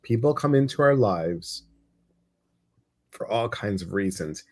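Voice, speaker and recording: A man's voice: lowish voice, measured pace. Chatty Chicago man co-hosting a stream. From Chicago, US Midwest. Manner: chatty, animated, repeats phrases for emphasis. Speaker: co-host reading viewer comments. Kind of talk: casual livestream chat.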